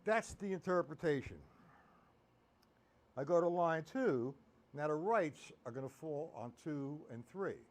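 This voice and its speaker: A man's voice: fairly high pitch, animated, unhurried, pauses often, a little hiss or hum. A man giving a live-streamed drum lesson, explaining accents and counting beats aloud. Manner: counts beats aloud loudly over drumming. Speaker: drum teacher. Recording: loud drum music under voice. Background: drums playing.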